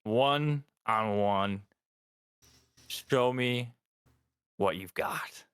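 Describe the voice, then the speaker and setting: A man's voice: fairly low pitch, drawn-out words, smooth, dry recording. A man voicing a boastful half-dragon warlord with a taunting, mock-generous manner in a tabletop game.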